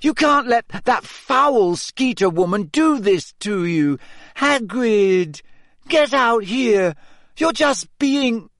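A man's voice: sing-song, moderate pace, dry recording, studio quality, heavily acted. Hermione, a fierce clever schoolgirl, voiced by a man. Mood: shouting. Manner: indignant, high and sharp when shouting.

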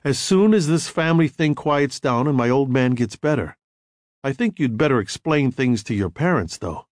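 A man voicing a guarded, wry young American ex-soldier in an audiobook, calm and dryly humorous. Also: medium pitch, moderate pace, dry recording, clean studio sound, natural voice. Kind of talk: audiobook character reading.

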